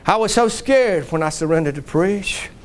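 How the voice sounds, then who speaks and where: High-voiced preacher man. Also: animated, normal speed. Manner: folksy, emphatic storytelling preaching. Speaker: pastor. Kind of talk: sermon. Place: church.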